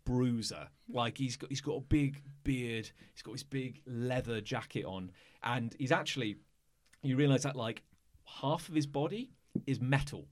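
A man's voice: medium pitch, moderate pace. A man narrating a tabletop game as game master, rambling with fillers and frequent laughs.

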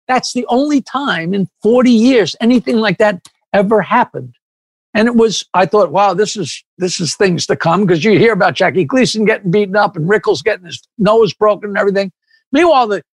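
Older man telling rambling, animated stories. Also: sits high, no room sound. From Long Island, New York. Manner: rambling, animated anecdotes with frequent restarts. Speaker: comedian guest. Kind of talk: casual storytelling interview.

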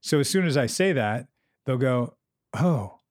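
A man co-hosting a podcast as a therapist, talking candidly in a relaxed chat and acting out quotes from clients. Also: medium pitch, normal speed, no room sound, clean studio sound. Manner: candid, swears freely, acts out client quotes.

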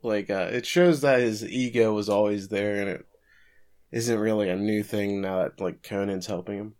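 Man, low voice, casual recap, amused. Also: normal speed. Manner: relaxed storytelling, chuckles at the jokes. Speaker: podcast co-host.

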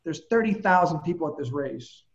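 High-voiced man telling a lively story. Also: normal speed, roomy sound, dull audio. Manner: animated, vivid storyteller who swears casually. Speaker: guest, personal trainer. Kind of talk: casual storytelling in a podcast chat.

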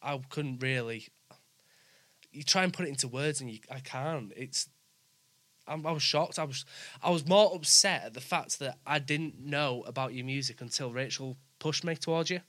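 A male host with a blended Yorkshire and Brummie accent, chatting in a casual interview. His voice is crisp and forward, recorded close with no room sound. He talks in bursts, restarting his sentences as he gushes. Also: medium pitch, fairly bright tone, dry recording. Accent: mixed Yorkshire and Brummie. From England. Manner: halting, restarts, effusive.

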